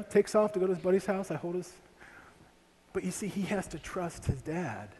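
A male pastor preaching a sermon in an animated way, asking rhetorical questions and slowing down to read scripture. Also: on the high side. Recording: hall reverb with faint ambient noise.

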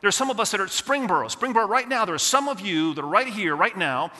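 A man preaches to his congregation with a bright, forceful tone and a fairly high voice. He reads scripture slowly and then talks it through casually, throwing questions at the room. The sound carries a long church-hall reverb. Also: expressive. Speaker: pastor. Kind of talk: sermon. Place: church sanctuary.

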